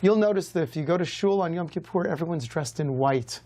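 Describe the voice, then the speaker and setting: Lively rabbi hosting a TV teaching. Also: male voice, on the high side, brisk. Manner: lively, conversational, varies pace a lot. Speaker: rabbi, TV show host. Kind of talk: TV religious teaching, answering questions.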